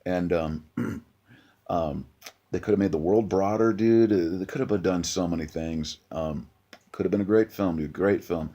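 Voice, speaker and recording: A man's voice: deep voice, measured pace, dark tone, highs cut off. A man reviewing a film in a blunt, profane casual rant, full of restarts. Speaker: movie reviewer.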